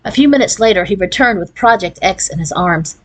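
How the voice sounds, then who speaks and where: A woman reading a children's chapter book aloud in an expressive storybook cadence. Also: mid-range voice, a little fast, rough recording. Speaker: read-aloud narrator.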